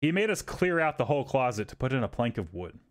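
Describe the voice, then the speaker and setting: A man hosting a podcast, telling a long story in a loose, profane, animated way and putting on voices for the people in it. His voice sits at a middling pitch for a man. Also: quick pace. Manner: animated, profane, acts out quotes. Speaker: podcast host. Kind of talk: casual storytelling.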